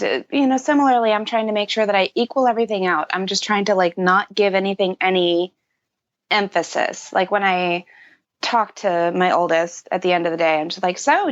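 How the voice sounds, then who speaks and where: A woman's voice: mid-range voice, moderate pace. A woman in her thirties, a podcast guest, speaking candidly and reflectively in casual conversation, with many fillers. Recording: dull lo-fi audio.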